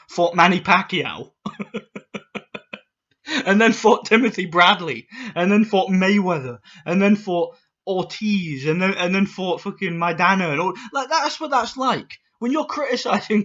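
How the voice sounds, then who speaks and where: A boxing YouTuber rants in a casual vlog, swearing freely and stumbling over repeated words. His slightly high voice is bright, sharp, and expressive, and he speaks a little slowly. The audio sounds dull and lo-fi.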